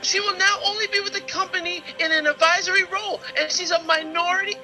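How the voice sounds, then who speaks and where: A man's voice: very high voice, steady tone, fast, music in the background, rough recording. A man voicing a polite young male reporter who eagerly runs through wrestling news and calls the others mister. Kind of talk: casual podcast segment.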